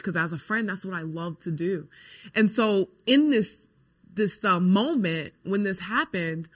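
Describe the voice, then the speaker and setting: A woman's voice: medium pitch, animated, measured pace. A young woman hosting a faith show, earnestly telling a personal testimony with many fillers. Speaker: host.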